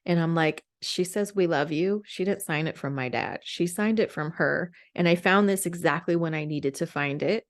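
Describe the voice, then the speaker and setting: A woman's voice: lowish voice, moderate pace. A woman in her forties, a podcast host, telling a candid, emotional personal story with many fillers.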